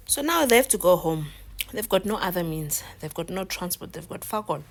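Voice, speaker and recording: A woman's voice: fairly low pitch, normal speed. A woman with a South African accent telling a gossip story in a casual, dramatic way, mixing in isiZulu words. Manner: animated, dramatic, acts out quotes.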